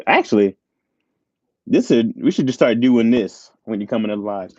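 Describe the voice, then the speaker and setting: A man's voice: fairly low pitch, brisk, a little mellow, dry recording, highs cut off. Laid-back man chatting on a livestream. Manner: laid-back, laughs often, reads chat aloud. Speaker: livestream host. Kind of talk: casual live chat with viewers. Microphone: tablet mic with earbuds.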